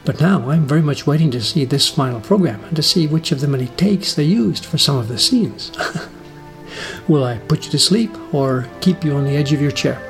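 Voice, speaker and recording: A middle-aged man reading a personal essay aloud in a dry, self-deprecating, unhurried manner. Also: fairly high pitch, expressive, soft background music. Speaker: narrator. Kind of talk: scripted personal essay narration.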